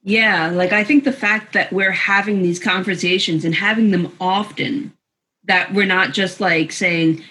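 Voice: mid-range voice, steady tone, moderate pace, pushed and bright. A panelist in a casual roundtable chat, talking in a thoughtful, earnest way.

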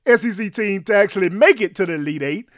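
A man co-hosting a casual sports talk show, with energetic, slangy banter and a quick laugh. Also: sits high, no echo, clean studio sound. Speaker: co-host.

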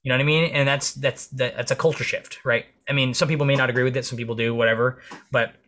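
A man speaking as a police officer and podcast guest. He tells energetic stories in casual interview chat and swears freely. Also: fast talker. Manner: acts out dialogue in comic high voices.

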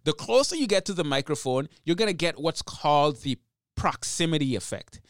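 Guy explaining how to podcast, smooth clear slightly high voice, dry close mic. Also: lively intonation, normal speed, no room sound. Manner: chatty explaining, demonstrates mic technique. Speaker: podcast host. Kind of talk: instructional talk. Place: small home podcast studio. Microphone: podcast microphone with pop filter.

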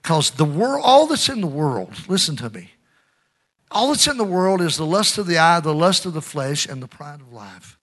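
A middle-aged man preaching a sermon to his congregation, calling for amens and swinging between loud emphasis and hushed asides. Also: fairly high pitch, very animated, normal speed. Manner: call-and-response preaching, urging amens. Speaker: pastor.

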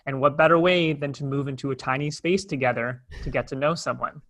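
Speaking fairly quickly at a medium pitch, a young man recounts something that happened to him, in a frank, chatty, lively storytelling way.

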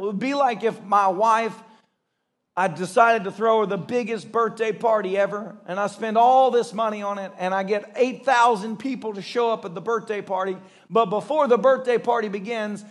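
A male pastor preaching a sermon, telling stories in an animated way and acting out the voices of the people in them. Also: high voice. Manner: animated storytelling with acted-out voices and laughter.

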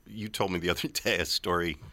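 A man's voice: sits low, steady tone, fast talker, bright, forceful tone, dry recording. A man hosting a radio interview, talking conversationally and setting out the background at length. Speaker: radio host.

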